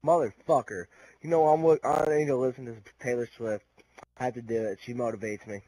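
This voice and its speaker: A man rapping along to a song over gameplay, cursing and yelling in frustration between tries. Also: medium pitch, steady tone, brisk, dry recording, rough recording. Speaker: gaming video creator.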